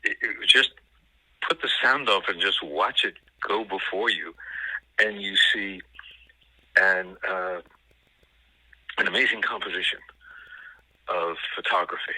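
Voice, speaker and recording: A man talking as a film critic guest in a casual film discussion, thoughtful and analytical, pausing often to find his words. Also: deep voice, sharp tone, breathy edge, no room sound, low-quality recording.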